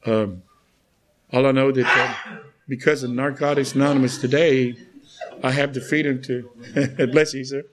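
Halting man sharing at a meeting. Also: mid-range voice, steady tone, background noise. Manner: halting, with repeated restarts and "man". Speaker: member sharing at a recovery meeting. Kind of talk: halting personal share. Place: meeting room with an audience.

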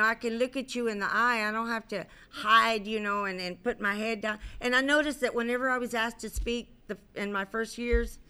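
A middle-aged woman with a bright, sharp-edged voice shares her personal story from a convention stage. Her talk is candid and loose, full of fillers, restarts and the odd curse word. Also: mid-range voice, vocal fry. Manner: candid, rambling, many fillers and restarts, casual swearing. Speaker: speaker at a recovery convention.

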